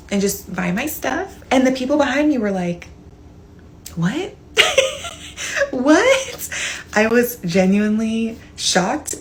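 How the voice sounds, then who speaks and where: A woman telling a storytime vlog, animated and incredulous. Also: mid-range voice, a little hiss or hum.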